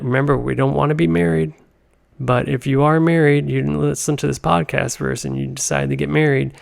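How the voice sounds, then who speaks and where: A man hosting a comedy podcast, talking in a meandering, deadpan monologue full of tangents. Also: medium pitch, vocal fry. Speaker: podcast host.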